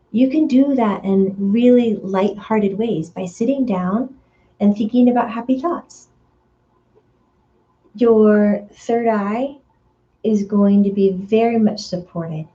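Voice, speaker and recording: Slow, mellow-voiced woman giving a spiritual reading. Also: dull audio. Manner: slow, dreamy, searching for words with many fillers; acts out voices with sudden high outbursts. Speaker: spiritual medium. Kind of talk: energy reading monologue.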